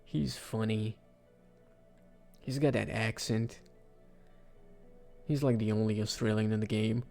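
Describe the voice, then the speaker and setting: A man giving casual, rambling commentary for a video, with sudden excited outbursts. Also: lowish voice, measured pace, gravelly, soft background music. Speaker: video creator. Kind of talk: casual commentary ranking game characters.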